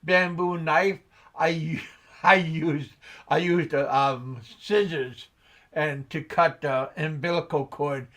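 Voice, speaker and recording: A man's voice: fairly high pitch, fairly even intonation, a bit bright. A middle-aged man hosting a casual chat, telling a story with many restarts, fillers and laughs. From United States. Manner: halting, many restarts and ums, laughs at own jokes. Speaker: show host.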